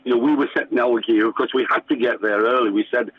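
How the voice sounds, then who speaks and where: A man's voice: mid-range voice, fairly even intonation, fast, breathy edge, dry recording. An older man from England, a former band musician, reminiscing in a radio interview, rambling with many fillers and restarts. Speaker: guest musician. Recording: tinny phone-line radio sound.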